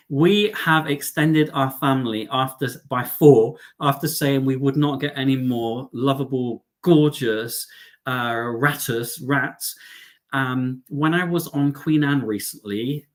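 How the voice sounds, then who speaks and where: Excitable British man chatting to his viewers. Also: mid-range voice, slow pace. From United Kingdom. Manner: chatty and animated, excitable, addresses viewers as darling and lovelies. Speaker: travel vlogger hosting a live stream. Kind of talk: casual live-stream chat with viewers.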